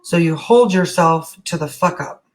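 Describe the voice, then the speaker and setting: A woman's voice: lowish voice, moderate pace. A middle-aged woman leading a casual live energy-healing session, chatty and frank, with easy swearing. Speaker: energy healer.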